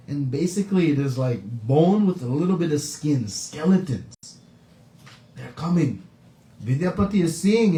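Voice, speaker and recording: A man preaching a devotional class, telling a story and acting out the characters with high, crying calls. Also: warm tone. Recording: echoey room, distant mic.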